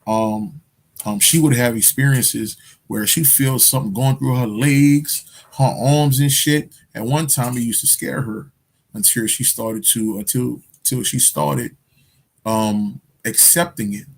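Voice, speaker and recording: A man talks loosely and casually to his viewers, swearing freely and doubling back on his words. His speech sits at an ordinary middle pitch, never forced, like an easygoing chat in front of the camera. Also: steady tone, unhurried. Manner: loose, profane street slang, repeats phrases. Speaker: spiritual livestream host. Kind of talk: casual livestream chat answering viewer questions.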